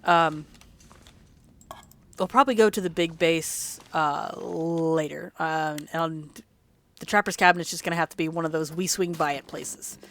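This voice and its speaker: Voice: medium pitch, steady tone, measured pace, a bit bright. Sleepy rambling let's play host. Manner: rambling, chatty, laughs often, says "y'all". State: sleepy, yawning late at night. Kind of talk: casual gameplay commentary.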